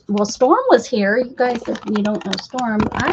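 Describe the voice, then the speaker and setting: A woman with a slightly high, expressive voice runs a casual livestream from her craft room at a measured pace, barely pausing. She coaxes her cats with sing-song baby talk, occasionally lowering to soft whispers, over dull lo-fi audio with faint noise.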